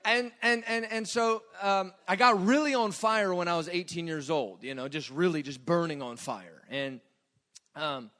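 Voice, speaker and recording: A man preaching a sermon with a somewhat high voice. He talks loosely and jokes with the room, dropping to quiet asides and then climbing into loud, animated bursts. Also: moderate pace.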